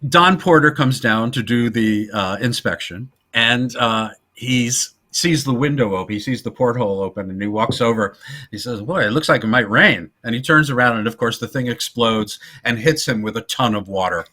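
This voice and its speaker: Husky man, bright tone, retelling comedy scenes with put-on voices, casual podcast talk. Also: medium pitch, normal speed. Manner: animated retelling, acting out quotes in voices. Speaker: podcast co-host. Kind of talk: casual film discussion.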